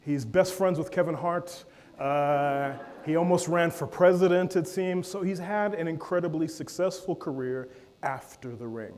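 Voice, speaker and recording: A man giving a lively keynote at a conference, joking with and calling on the audience in a large hall. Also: on the high side, moderate pace. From Africa. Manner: energetic, playful, calls on the audience and jokes. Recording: long hall reverb.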